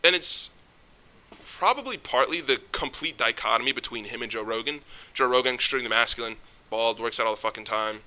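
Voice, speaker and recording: A man's voice: mid-range voice, a little fast, sharp tone. A young man ranting casually to camera, jittery and stumbling over his words, swearing often. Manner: swears often, rambling restarts. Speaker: vlogger.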